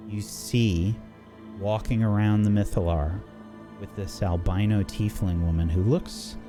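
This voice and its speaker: A man narrating as the game master of a tabletop game, in halting, measured narration. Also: fairly low pitch, fairly even intonation, music in the background.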